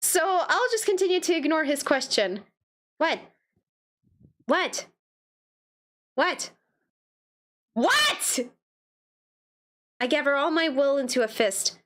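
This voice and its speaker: A woman's voice: high voice, animated, brisk, hardly any pauses. A woman streaming a game, reading its dialogue aloud and reacting playfully between lines. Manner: playful, reads text then comments with laughs.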